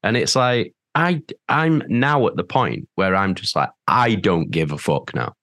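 A man's voice: lowish voice, expressive, a little slow, fairly bright tone, no room sound, studio quality. Ranting sweary Northern English man. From Northern England. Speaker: band member guest. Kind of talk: candid interview talk.

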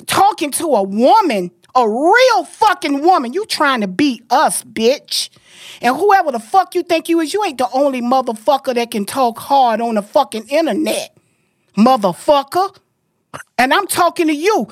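High-voiced woman ranting hard on a podcast. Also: no echo, studio quality. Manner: loud, profane, forceful, emphatic. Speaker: podcast host. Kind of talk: heated podcast rant.

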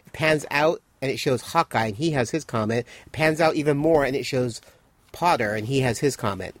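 A man's voice: mid-range voice, fairly quick, no echo. An enthusiastic man chatting about a TV episode, leaning on "I mean" and "you know" as he talks. The recording is dry and close, with no room sound. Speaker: podcast co-host. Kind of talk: casual chat reviewing a TV episode.

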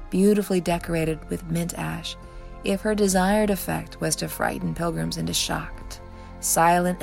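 A woman narrating her own fantasy story in a measured, expressive way. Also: lowish voice, gravelly. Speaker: author and narrator.

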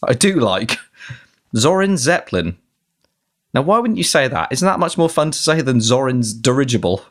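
A man's voice: mid-range voice, sing-song, moderate pace, a bit bright. A man co-hosting a podcast, trading dry teasing banter in casual chat. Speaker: podcast co-host.

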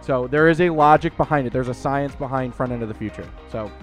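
A man's voice: medium pitch, fast talker, faint music behind. A man co-hosting a casual podcast, arguing his points and explaining at length. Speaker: podcast co-host. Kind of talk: casual chat.

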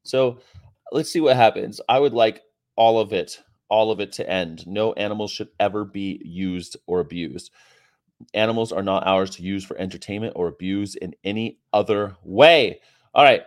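A man's voice: on the low side, moderate pace, a little mellow. A man hosting a casual livestream, chatting and reading out history items in a rambling, profane way. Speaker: host.

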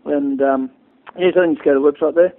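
A man's voice: a little high, steady tone, fast talker. A middle-aged Australian man telling rambling stories as a guest in a casual interview, with many restarts. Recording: tinny phone-like line.

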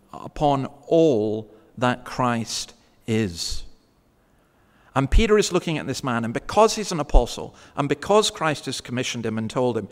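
Conversational male preacher in a reverberant hall. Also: mid-range voice. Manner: conversational preaching, slows for emphasis. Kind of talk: sermon.

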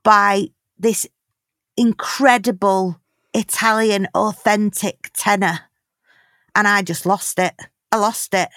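British woman telling a story, animated. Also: mid-range voice, takes it slowly, no echo, clean studio sound. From Britain. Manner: animated storytelling, swears freely. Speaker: podcast co-host. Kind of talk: casual comedic chat.

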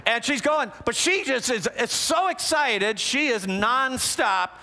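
Man, relationship teacher, high voice, bright tone, lively storytelling, talks straight to the crowd. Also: unhurried. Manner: animated, conversational, frequent asides to audience.

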